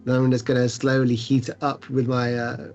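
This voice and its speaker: A man playing a tabletop game describes his actions in a rambling, jokey, casual way, his medium-pitched voice flat, darkish and moderately paced. The stream audio is muffled and lo-fi, with faint music behind.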